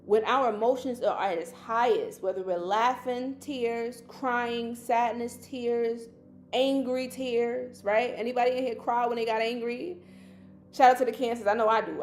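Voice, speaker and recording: A woman's voice: fairly high pitch, normal speed, a little mellow. Woman, livestream host, spiritual teacher, chatty, colloquial, faint background hiss. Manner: chatty and colloquial, calls listeners baby.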